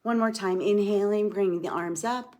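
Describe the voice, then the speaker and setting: A middle-aged woman leading a guided breathing and laughter exercise in a slow, soothing way as a wellness instructor. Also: mid-range voice, darkish tone. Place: indoors, moving around in front of a camera.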